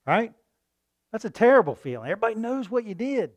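A man preaching a sermon in a folksy style, often asking his listeners "right?" and loudly acting out the voices of a mocking crowd. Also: high voice, fast. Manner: animated, acts out mocking crowds in loud voices.

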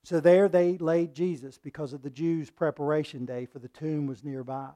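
A man preaching a sermon in a slightly raised register. He reads scripture aloud, acting out the quoted lines, and his delivery swings from loud, forceful passages to near-whispered ones. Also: a little high, fairly even intonation, normal speed. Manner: dramatic swings between loud and hushed delivery.

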